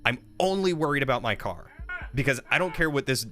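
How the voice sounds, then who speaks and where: Man telling a story over game music. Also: a little fast. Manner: animated storytelling, rising pitch when quoting an argument. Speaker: streamer. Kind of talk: casual gameplay stream chat.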